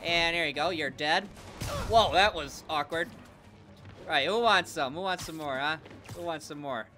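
A man's voice: on the high side, normal speed, pushed and bright. A young man doing goofy let's play commentary with crude jokes. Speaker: gaming YouTuber. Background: game music.

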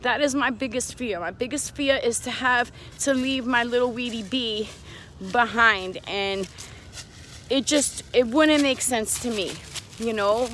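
A woman's voice: on the high side, a bit bright, a little hiss or hum, rough recording. A woman with a New York accent, vlogging candidly and earnestly to her viewers while out walking with her child, speaking into a handheld phone. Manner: earnest, confiding, talks to viewers directly. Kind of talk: candid personal vlog. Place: outdoors on a walk with her child.

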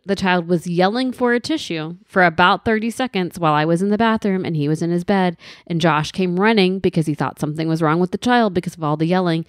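A woman in her thirties banters on a podcast, animated and teasing, her fairly low voice often swooping up high. The sound is close and dry, with no room echo. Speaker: podcast co-host. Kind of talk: casual chat.

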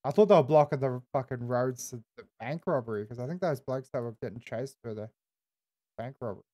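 A man's voice: medium pitch, fairly quick, mellow. An Australian man streaming casual in-character game roleplay, laid-back and swearing constantly, tagging "eh" onto his lines.

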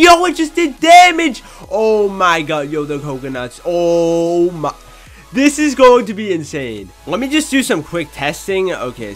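A young man narrates his own gameplay with hyped energy and frequent loud outbursts. His voice is bright and forceful, and it swings widely in pitch. Faint background music plays under his commentary. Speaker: gaming channel host.

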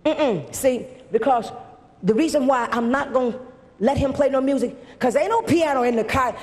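A woman's voice: high voice, normal speed. Fervent woman preaching in a reverberant church. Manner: fervent, repetitive preaching cadence. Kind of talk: sermon. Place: large church at a live camp meeting. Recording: reverberant church hall with faint noise.

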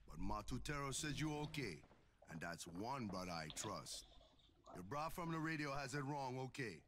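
A man's voice: mid-range voice, big pitch swings, moderate pace, background noise, natural voice. An actor playing a wary male jungle guide, grave and secretive.

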